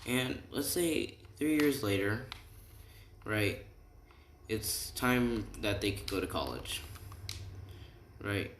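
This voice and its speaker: A man's voice: on the low side, animated, slow pace, long pauses, fairly bright tone, a little hiss or hum. A young man casually telling an improvised fan story, rambling loosely and checking in with "right?" often. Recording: echoey room, faint keyboard typing.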